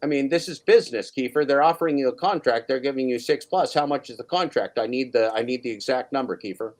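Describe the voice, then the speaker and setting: A man hosting a livestream, loudly grilling his guest with mock-serious, profane questions. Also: mid-range voice, quick pace. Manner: loud, badgering, profane. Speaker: livestream host.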